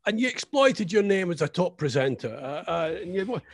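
Teasing, high, husky male radio co-host. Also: big pitch swings, moderate pace, no room sound, clean studio sound. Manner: teasing, hesitant, full of restarts. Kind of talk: casual radio chat.

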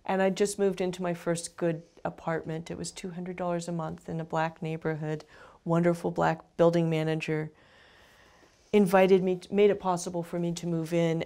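A woman's voice: deep voice, little pitch movement, moderate pace, mellow. Thoughtful woman author musing aloud. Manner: thoughtful, with frequent restarts and asides. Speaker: author and interview guest. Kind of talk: reflective interview talk.

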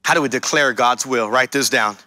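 A man's voice: mid-range voice, a little fast, sharp tone. A male pastor preaching a sermon, emphatic, repeating his key lines and speaking straight to the congregation.

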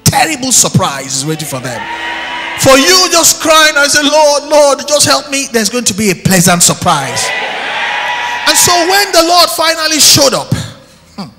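A man preaching an impassioned sermon, shouting one moment and dropping low the next, recorded live in church. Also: big pitch swings, moderate pace, music in the background. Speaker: pastor. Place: church hall. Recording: live church recording with long hall reverb.

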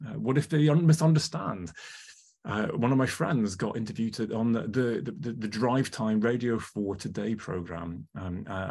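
Husky man running an online workshop. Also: on the low side, a little mellow. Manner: chatty, lots of ums and uhs, asks the audience questions. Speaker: workshop presenter. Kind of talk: live online workshop teaching.

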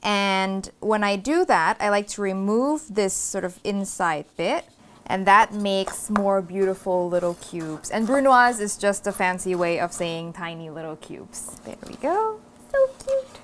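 A woman's voice: medium pitch, measured pace, slight background noise. A woman hosting a cooking show, walking through a recipe step by step in a casual, upbeat, chatty way.

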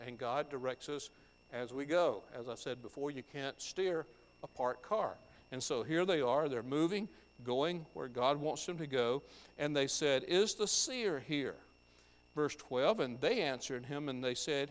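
A man's voice: medium pitch, unhurried. Man preaching in a reverberant church. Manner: reads scripture aloud and explains it verse by verse. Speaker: pastor. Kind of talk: sermon. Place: church sanctuary. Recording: church hall with long reverb.

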